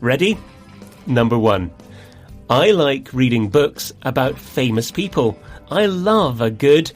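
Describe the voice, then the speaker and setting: A man presenting an English lesson in a scripted dialogue, speaking in a clear, friendly and deliberate way. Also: medium pitch, big pitch swings, faint music behind.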